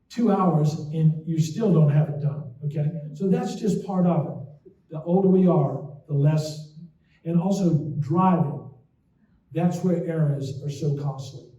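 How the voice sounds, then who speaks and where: Memory doc chatting to a crowd, slightly high voice, heard from far back in an echoey room. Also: male voice, dark tone. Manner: folksy storytelling with frequent "okay?" asides. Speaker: memory doctor giving a talk. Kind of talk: casual lecture with anecdotes. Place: talk to an audience in a hall. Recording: roomy, distant, dull lo-fi sound.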